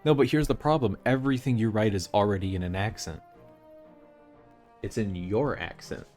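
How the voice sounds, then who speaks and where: Young male streamer, slightly low voice, opinionated rambling, game music in the background. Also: moderate pace, darkish tone. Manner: chatty, opinionated, rambling with restarts. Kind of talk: casual live-stream chat while playing.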